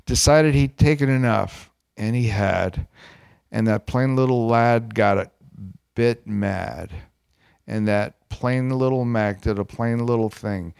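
A man reading a bedtime story aloud, playful, with deadpan joking asides. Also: medium pitch, slow pace, vocal fry, clean tone, no echo.

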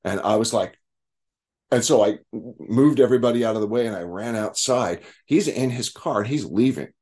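A man's voice: mid-range voice, normal speed, darkish tone. A man telling his own recovery story to a group, candid and profane, acting out the people he quotes.

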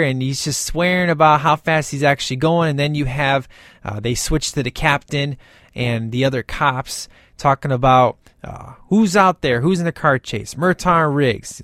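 A man's voice: on the high side, normal speed, a bit bright, no room sound, clean studio sound. A man talking casually and enthusiastically about a movie sequel, rambling with frequent restarts. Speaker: movie reviewer.

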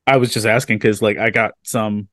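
A man hosting a podcast interview, chatting casually and telling stories with animated energy. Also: lowish voice, moderate pace, dry recording, clean studio sound. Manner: animated storyteller, casual and excitable. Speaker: podcast host.

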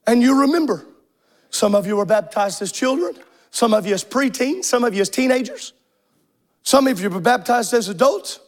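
A man preaching a fervent sermon in a church, emphatic, shouting and sliding into a half-sung cadence. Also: very high-pitched, very animated, moderate pace.

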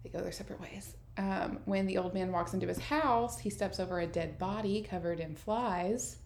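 A woman's voice: medium pitch, moderate pace, vocal fry, a little mellow, echoey room. A woman co-hosting a podcast, casually retelling an episode and acting out the characters' lines with frequent laughter. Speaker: podcast co-host recapping an episode. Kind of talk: casual chat.

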